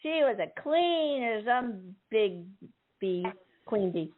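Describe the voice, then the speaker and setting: An older woman hosts a call-in radio show, chatty and upbeat as she greets callers. Her voice sits fairly high. The sound is thin and tinny, like a phone line. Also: expressive, takes it slowly, over a noisy crowd. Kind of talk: casual call-in chat.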